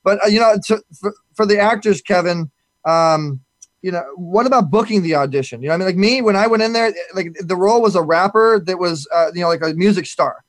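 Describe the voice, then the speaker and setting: A man hosting a casual interview, halting and often repeating his words. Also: high-pitched, no room sound, clean studio sound. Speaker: host.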